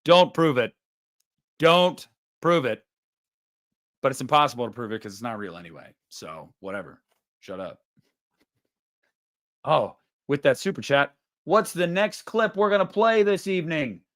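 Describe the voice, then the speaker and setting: A man's voice: medium pitch, expressive, moderate pace, a bit bright. A man in his thirties hosting a livestream, chatting casually in a rambling, profane and joking way. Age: 30s. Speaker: livestream host.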